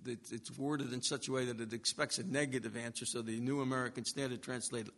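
A man preaching an expository sermon, speaking emphatically and building to forceful peaks. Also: mid-range voice, steady tone, fairly quick. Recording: long reverb of a large hall.

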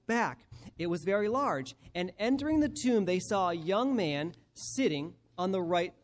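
High-voiced male pastor, reads scripture with emphatic, deliberate stress. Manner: emphatic, slows down to stress key phrases. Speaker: preacher. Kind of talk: sermon with scripture reading.

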